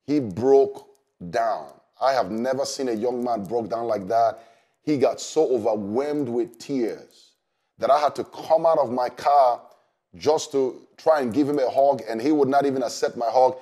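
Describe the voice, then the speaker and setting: A man, a pastor, telling a personal story in an earnest, unhurried way with many fillers. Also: mid-range voice, dark tone. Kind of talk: storytelling testimony.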